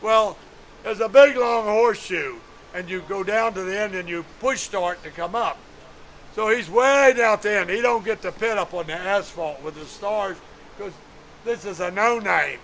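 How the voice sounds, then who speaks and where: High, gravelly voice of a man in his nineties. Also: moderate pace, a bit bright, slight background noise, rough recording. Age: 90s. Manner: folksy, chuckling, plain-spoken. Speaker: museum owner giving a tour. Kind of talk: storytelling on a guided tour.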